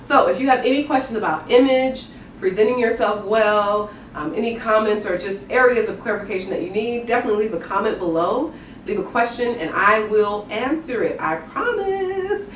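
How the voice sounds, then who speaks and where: A woman's voice: mid-range voice, a little fast. Woman image consultant, upbeat and chatty, echoey room, mic at a distance, faint background hiss. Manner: upbeat, chatty and candid, playful inflections. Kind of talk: direct-to-camera tips video.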